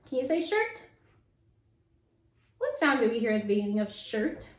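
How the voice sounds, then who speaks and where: Animated woman teaching phonics to kids. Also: high-pitched. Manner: playful, sing-song, sounds out letters slowly. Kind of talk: children's phonics lesson. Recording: echoey room.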